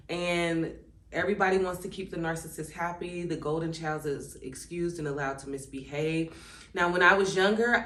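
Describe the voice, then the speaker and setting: A woman's voice: deep voice, fairly bright tone, reverberant. A woman hosting her own channel, talking reflectively and conversationally about her family and now and then reading passages aloud. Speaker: channel host. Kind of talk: personal vlog talk.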